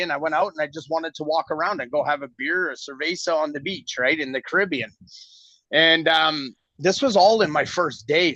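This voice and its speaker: Bright-voiced storytelling middle-aged man. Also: a little high, dry recording. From Canada. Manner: animated storyteller acting out quoted dialogue. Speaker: guest. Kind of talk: storytelling in a casual interview. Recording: dull lo-fi audio.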